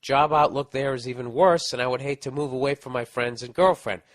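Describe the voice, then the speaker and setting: A man's voice: mid-range voice, steady tone, fairly quick. A man hosting a podcast, reading out a listener's letter and ranting about it in a profane, sarcastic, rambling way. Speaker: podcast host.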